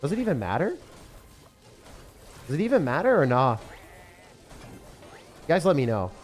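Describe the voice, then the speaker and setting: A young man commentating his own gameplay as a streamer, excitable and sarcastic, mocking what he complains about. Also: on the high side, normal speed. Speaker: game streamer. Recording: faint music behind.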